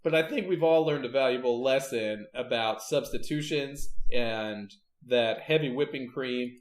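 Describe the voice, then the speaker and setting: A man's voice: mid-range voice, a little slow. A man co-hosting a podcast, chatting casually and teasing with jokes. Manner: joking, teasing banter. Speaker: podcast co-host. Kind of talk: casual chat. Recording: echoey room.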